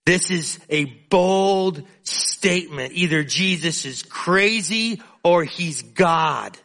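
A man's voice: a little high, animated, slow pace, few pauses, fairly bright tone. A male preacher giving an earnest, emphatic sermon, often repeating words as he builds his points.

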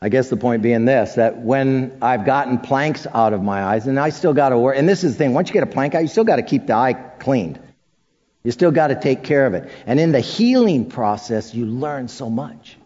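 A man's voice: mid-range voice, lively intonation, normal speed, darkish tone. A man preaching a sermon, telling stories about his past with self-deprecating humor. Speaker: pastor. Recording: dull sound with long reverb.

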